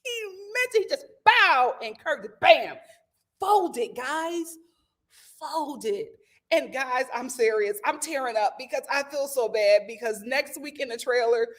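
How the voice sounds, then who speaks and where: A woman's voice: high voice, a little slow, a bit bright. A woman hosting a casual recap of a reality TV show, retelling scenes dramatically with gasps and acted-out quotes. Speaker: host of a reality TV review show. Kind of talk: casual recap to a live audience.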